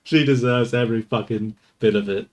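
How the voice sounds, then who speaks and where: A man's voice: medium pitch, fairly quick, a little mellow. Swearing, laughing male streamer. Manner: profane, laughing asides. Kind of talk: casual live-stream chat.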